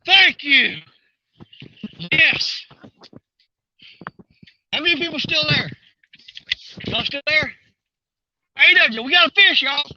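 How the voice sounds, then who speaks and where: A high-voiced, bright, excitable man talks to his viewers while fighting a fish at the water's edge. He is out of breath and draws his words out slowly. The sound is a little dull and lo-fi. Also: dry recording. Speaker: fishing vlogger. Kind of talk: excited live fishing commentary.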